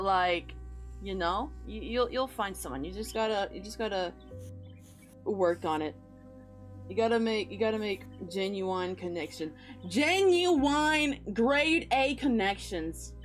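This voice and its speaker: A woman's voice: medium pitch, normal speed, soft background music. A young woman chatting casually with her viewers while drawing, giving rambling, encouraging advice. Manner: encouraging, rambling, with playful sing-song noises. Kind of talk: casual livestream chat.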